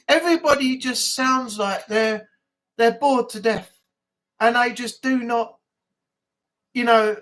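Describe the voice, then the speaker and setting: A livestream host with a broad northern English accent chats casually with viewers in a mid-range, slightly bright voice. The live chat rambles, full of repeated words and plenty of fillers.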